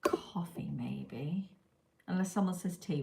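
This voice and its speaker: A woman's voice: lowish voice, a little slow, darkish tone. Chatty woman live streaming. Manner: chatty, talks to viewers and reads their comments. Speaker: livestream host. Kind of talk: casual livestream chat. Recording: echoey room with clear background noise.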